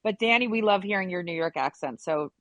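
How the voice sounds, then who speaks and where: Lively woman moderating an online talk. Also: mid-range voice, no echo, dull audio. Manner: lively, quick to laugh, teasing. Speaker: discussion moderator. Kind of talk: casual group discussion.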